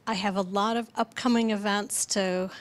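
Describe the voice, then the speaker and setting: A woman hosts the evening and reads out upcoming events to a room of listeners. Her delivery is halting, full of pauses and small fillers. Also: mid-range voice, steady tone. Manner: hesitant, many fillers. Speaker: event host. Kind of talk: announcements. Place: lecture room with audience.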